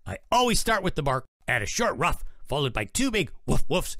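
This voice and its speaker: A man voicing a playful, excitable male pet dog in a silly, chatty storybook manner. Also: fairly high pitch, a little fast, dry recording, studio quality. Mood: cheerful. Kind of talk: storybook narration.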